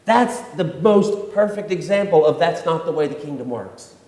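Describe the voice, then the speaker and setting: A man's voice: on the high side, lively intonation, moderate pace, darkish tone. A man preaching a sermon in a church hall, talking in a conversational way and repeating his key points. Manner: conversational preaching with repetitions and acted-out quotes. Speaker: pastor. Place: church sanctuary.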